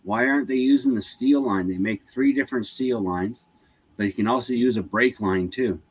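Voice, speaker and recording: A man's voice: mid-range voice, normal speed, husky. A Canadian man hosting a live stream, rambling casually about car repairs, with many restarts. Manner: rambling, restarts, laughs often.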